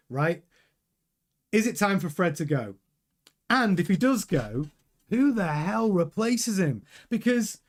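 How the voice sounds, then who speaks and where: A man with a high-pitched voice hosts a motorsport news channel, delivering animated, opinionated commentary to camera. He is in full flow, quick and emphatic, pressing his points hard and talking straight to his viewers.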